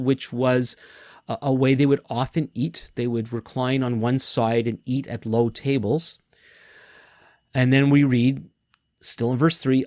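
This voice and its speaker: A man's voice: mid-range voice, darkish tone, no echo. Man preaching in a dry, close voice. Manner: thoughtful, conversational preaching with pauses and restarts. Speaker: pastor. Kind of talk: sermon.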